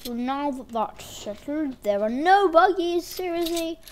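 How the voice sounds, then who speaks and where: A woman's voice: sits high, lively intonation, unhurried, a little mellow. A woman giving playful, rambling commentary over her own gameplay. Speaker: gaming channel host.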